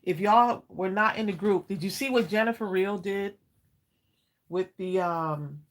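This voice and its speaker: Slow-talking chatty woman craft host. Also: mid-range voice. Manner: chatty, greets viewers by name, says y'all often. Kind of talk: casual live chat while crafting.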